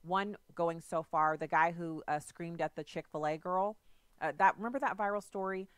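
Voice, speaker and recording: A woman's voice: fairly low pitch, moderate pace, a bit bright, clear, resonant tone, no room sound. A woman hosting a political talk radio show, retelling news stories in a conversational way with asides.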